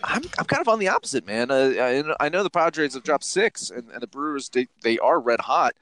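Animated cursing man making betting picks. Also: mid-range voice, fairly quick, slight background noise. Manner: swears often, animated picks. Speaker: sports betting podcast host. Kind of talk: casual podcast chat.

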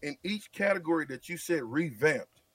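A man bantering on sports radio, teasing and animated, his voice swinging from loud bursts to low mutters. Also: moderate pace, breathy edge, dry recording, far from the mic.

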